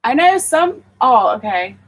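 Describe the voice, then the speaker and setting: Ohio lady rambling on her livestream, kinda high voice, lots of ums and likes. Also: sing-song, a little slow, husky, low-quality recording. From Ohio, USA. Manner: rambling, chatty, many fillers, greets viewers. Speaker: homesteading livestream host. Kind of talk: casual livestream chat.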